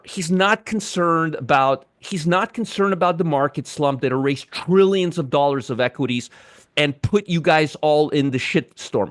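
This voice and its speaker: A man's voice: a little high, moderate pace, dry recording, studio quality. A man in his fifties hosting a livestream market commentary, ranting with sarcasm and exasperation.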